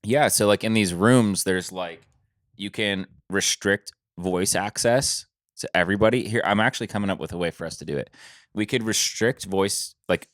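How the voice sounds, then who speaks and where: This young man co-hosts a podcast in a fairly low voice at a moderate pace, chatting casually and rambling with plenty of fillers. It's studio quality from a studio mic, with no room sound.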